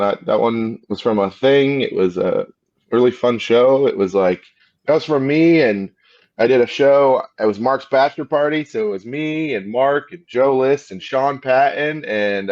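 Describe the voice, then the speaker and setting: A man's voice: mid-range voice, darkish tone. An American man and comedy podcast co-host, chatting casually in a rambling, laid-back way while hungover. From United States. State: hungover, just woke up. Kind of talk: casual chat. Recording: slightly dull lo-fi sound.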